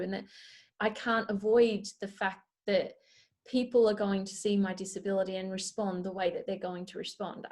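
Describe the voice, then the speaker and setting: An Australian woman in her thirties, a guest speaking earnestly and reflectively in a casual interview, with lots of "you know" fillers. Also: medium pitch. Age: 30s. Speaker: guest, Paralympic swimmer and advocate.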